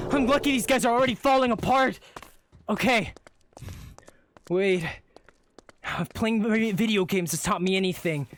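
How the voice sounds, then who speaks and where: A man playing through a live roleplay game, excitable, talking to himself and cheering with yelps. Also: very high voice, slight background noise. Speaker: roleplay player. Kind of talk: live roleplay gameplay chat.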